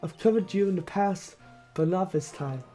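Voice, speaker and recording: A man's voice: high-pitched, normal speed, warm tone, faint music behind, pitched above the performer's own voice, close to an everyday voice. A man doing a stern old chief prosecutor. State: hoarse.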